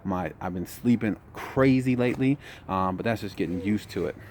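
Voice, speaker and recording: Young male vlogger, tired, low voice, relaxed storytelling, faint noise floor. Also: moderate pace. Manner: relaxed storytelling, says "man" a lot. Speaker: trucking vlogger. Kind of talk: casual vlog update.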